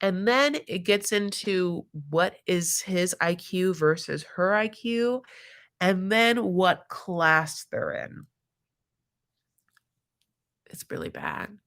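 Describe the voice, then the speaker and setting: A woman's voice: lowish voice, sing-song, takes it slowly, fairly bright tone. A woman hosting a reality TV recap live stream in casual commentary, chatty and giggly, leaning on fillers and calling people honey and my love.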